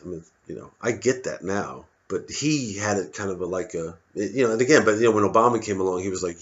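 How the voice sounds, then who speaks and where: A man with a fairly low voice rambles through a stand-up monologue, cutting himself off mid-thought and swearing freely. The recording is dull and lo-fi. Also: fast, few pauses. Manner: digressive, self-interrupting, profane. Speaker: comedian.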